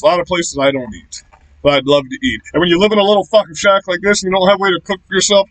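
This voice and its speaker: Profane, ranting high-voiced man. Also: no echo, poor audio. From Florida. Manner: profane, ranting, loud and aggressive. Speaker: political vlogger. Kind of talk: angry ranting vlog. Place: small shack.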